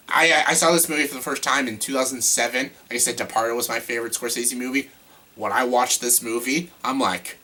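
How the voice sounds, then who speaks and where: Guy doing a casual movie ranking vlog, bright sharp voice, super excitable and gushy, swears casually. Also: medium pitch, fairly quick. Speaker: movie reviewer.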